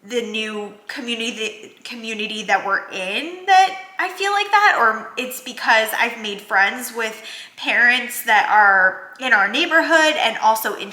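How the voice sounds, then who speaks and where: Crying as she films her vlog, a New Jersey woman in her thirties, a working mother, rambles to the camera in a casual way, full of fillers and false starts. Her voice is fairly high, bright and forceful. The recording has an echoey, roomy sound.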